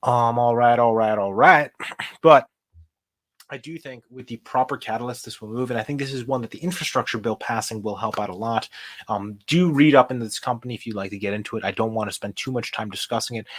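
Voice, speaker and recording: A young man hosting a casual live stock show, chatting and thinking out loud as he reads charts. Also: mid-range voice, dry recording. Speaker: host. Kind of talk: casual livestream stock commentary.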